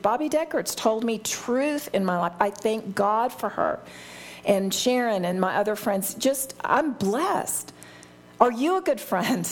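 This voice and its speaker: A woman's voice: on the high side, a little mellow. An older woman teaching a Bible study, talking in an earnest, heartfelt way and often restarting her sentences.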